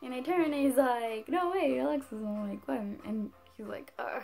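A teenage girl telling a storytime in a chatty, animated way, full of "like" and "whatever". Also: on the high side, moderate pace. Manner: chatty, animated, heavy use of "like". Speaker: vlogger. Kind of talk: casual storytime.

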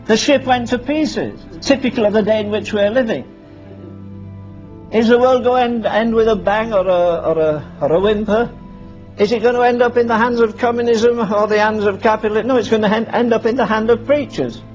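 A man's voice: high voice, fairly quick, a little mellow. A man preaching a sermon, firing rhetorical questions at the congregation and acting out Bible scenes in dialogue. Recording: dull lo-fi sermon recording with faint music.

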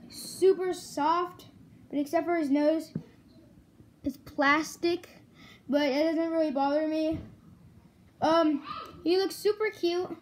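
A young woman giving a casual toy review, chatty and full of "like" and "um". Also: very high-pitched. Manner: chatty, lots of "like" and "um".

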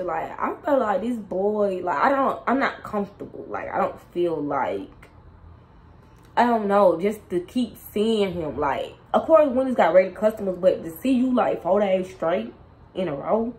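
Animated young woman telling a storytime. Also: mid-range voice, rough recording. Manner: animated, slangy, addresses viewers directly. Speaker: storytime vlogger. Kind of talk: casual storytime chat.

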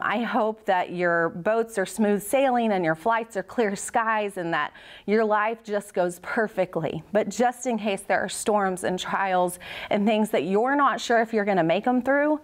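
A woman's voice: medium pitch, a little slow. A woman in her thirties giving a church devotion, telling a personal story in an earnest, conversational way and leading a prayer.

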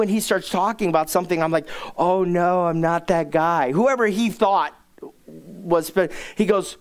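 A man's voice: high voice, moderate pace, clear, resonant tone. A middle-aged man, a pastor, telling a humorous personal story in a sermon, self-mocking and acting out the people he quotes. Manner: animated, self-mocking, acts out quoted dialogue.

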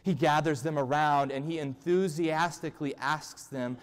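A man's voice: fairly high pitch, steady tone, moderate pace, few pauses. A male pastor giving a humorous, conversational sermon in a church. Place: church sanctuary. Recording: long church-hall reverb.

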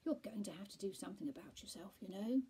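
Woman reading as a posh know-it-all tomcat, clipped and firm, husky and mellow. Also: medium pitch, expressive, fast. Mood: firm advising. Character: posh clever male Persian tomcat.

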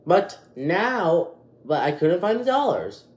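Twelve-year-old boy, vlog host, agitated, rambling, higher voice, roomy echo. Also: sing-song, takes it slowly. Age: 12 years old. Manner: agitated, rambling with many restarts. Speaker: youtube channel host. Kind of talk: casual vlog.

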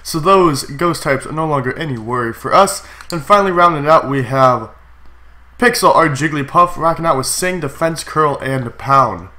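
A young man with a stuffy, congested cold voice gives chatty, excitable commentary while playing a game, with sudden yelps. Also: a little high, moderate pace. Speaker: gaming YouTuber. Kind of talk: casual Let's Play commentary.

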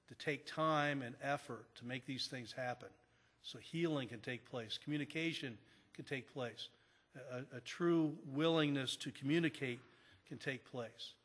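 A man's voice: on the high side, fairly bright tone. Earnest man preaching in a reverberant church. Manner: earnest, repeats phrases for emphasis. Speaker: pastor. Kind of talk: sermon. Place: church sanctuary.

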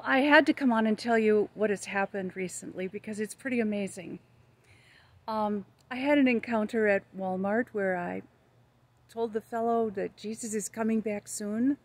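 An older American woman recording outdoors in the shade during a heat wave, earnestly sharing the gospel and stories of handing out tracts. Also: medium pitch. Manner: earnest, storytelling with quoted dialogue. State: hot, red-cheeked in a heat wave. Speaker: evangelist vlogger. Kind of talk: casual testimony vlog.

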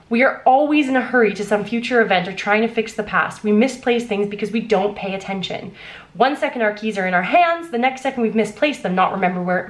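A young adult woman vlogging as an author, gushing and breathless with excitement as she talks and reads aloud. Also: medium pitch. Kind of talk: excited vlog unboxing and reading aloud.

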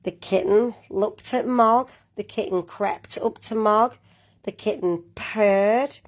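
A woman reading a children's picture book aloud at a slow, careful pace. Her voice is husky and breathy, gentle, and she turns now and then to the young listeners. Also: mid-range voice. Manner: gentle, with asides to young viewers. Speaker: storyteller.

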